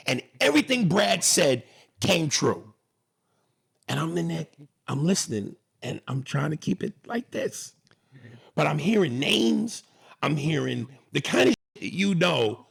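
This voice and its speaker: Gravelly husky guy, podcast host, rambling animated stories. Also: a little high, normal speed. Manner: animated, storytelling, restarts a lot. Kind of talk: casual storytelling chat.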